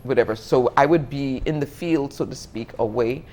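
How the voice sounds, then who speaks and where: An interview guest speaking thoughtfully, often pausing and restarting as they search for words. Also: mid-range voice, darkish tone. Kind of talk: reflective interview talk.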